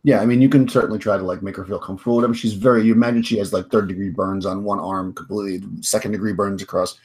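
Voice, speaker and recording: A man's voice: on the low side, steady tone, rapid-fire, a little mellow, husky. A man running a tabletop game as game master, narrating in a rambling way with many restarts. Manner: rambling, full of restarts and fillers.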